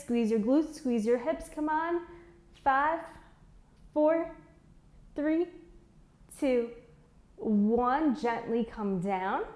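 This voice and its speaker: A woman with a slightly high voice instructs a beginner plank workout, coaching form and counting down each hold. Doing the exercises alongside, she strains on the hard holds and trembles from the effort.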